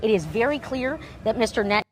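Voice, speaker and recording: A woman's voice: a little high, expressive, a little fast, slight background noise, low-quality recording. A woman politician with a Michigan twang, answering an interviewer's questions with evasive, earnest talking points.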